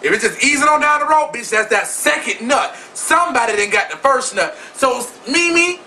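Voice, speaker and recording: Very high, bright-voiced sassy man. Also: expressive, moderate pace, distant mic, a little hiss or hum, low-quality recording. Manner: sassy, flamboyant and profane, addressing viewers directly. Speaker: vlog host. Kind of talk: celebrity gossip rant.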